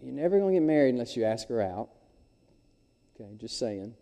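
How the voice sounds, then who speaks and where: A man, preaching a sermon in a folksy, animated storytelling way. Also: medium pitch, fairly quick, long reverb tail. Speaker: pastor. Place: church sanctuary.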